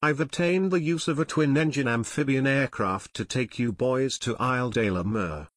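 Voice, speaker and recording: A man's voice: mid-range voice, normal speed, dry recording, studio quality, close to an everyday voice. A man reading aloud voicing a decisive, businesslike company president in an audiobook.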